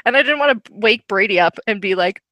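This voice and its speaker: A woman with a bright, forceful voice tells a frank story on a podcast and giggles through it. The sound is dry and close, with no room around her. She talks in a loose, casual way. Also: medium pitch, expressive, fast, dry recording. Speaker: podcast co-host. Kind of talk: casual chat, comic storytelling.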